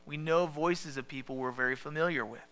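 A pastor delivers a sermon in a conversational style, putting questions to his listeners and frequently dropping into a soft hush. His voice sits on the high side, brisk and clean in tone.

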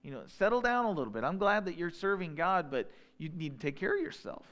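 A man's voice: sits high, expressive, quick pace, a bit bright. A man preaching, putting on the voice of a worried mother nagging her son. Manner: fretful, nagging.

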